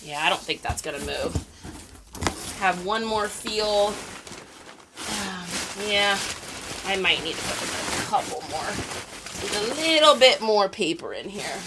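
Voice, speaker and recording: A woman's voice: mid-range voice, expressive, takes it slowly, pauses often, very noisy. A woman, chatting casually with viewers on a live stream as she packs items to ship. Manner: chatty, talks to viewers and reads their comments. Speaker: reseller live-streaming while packing orders.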